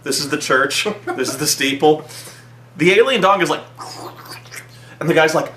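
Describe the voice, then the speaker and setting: Man, profane comic film critic, bright and animated, echoey room, set back from the mic. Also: a little high, moderate pace, long pauses, distant mic. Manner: profane, animated, acts out scenes in mock voices. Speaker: movie reviewer. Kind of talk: casual comedic movie review chat.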